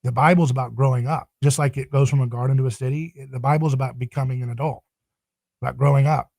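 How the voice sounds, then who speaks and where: A man's voice: medium pitch, steady tone, fast talker, gravelly, darkish tone, no room sound. A man speaking as a podcast guest in a passionate, emphatic, preaching tone. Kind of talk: podcast interview.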